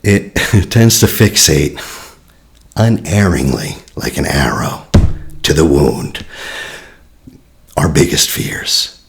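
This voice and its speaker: A man's voice: very deep voice, sing-song, slow pace, vocal fry, long pauses. A man coaching on relationships in a casual teaching monologue, reflective and conversational, often sighing and repeating himself.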